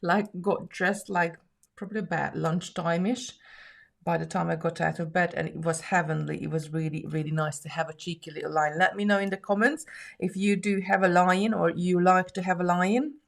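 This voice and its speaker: A woman with a slightly low voice chats casually on a live craft stream at her home table. She reads viewer comments aloud, laughs easily and often restarts her sentences mid-thought. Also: fairly even intonation, normal speed, gravelly. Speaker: live stream host making jewellery.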